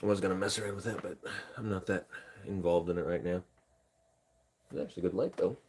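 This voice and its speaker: A man's voice: low-pitched, steady tone, a little fast, darkish tone, a little hiss or hum. A young man from Indiana chatting casually on a live stream, rambling and joking at himself while talking to chat and his dog. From Indiana, USA. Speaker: livestreamer.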